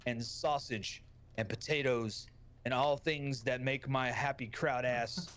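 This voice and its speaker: A man's voice: mid-range voice, fairly even intonation, unhurried, background noise. A man with a Texan accent, a streamer guest telling a brash, profane, joking story on a podcast.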